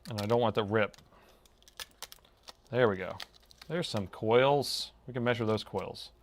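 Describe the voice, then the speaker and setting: Speaking a little slowly in a voice on the low side, a middle-aged man thinks aloud while measuring during a laptop repair. His relaxed drawl adds "man" to his sentences, and there's slight background noise.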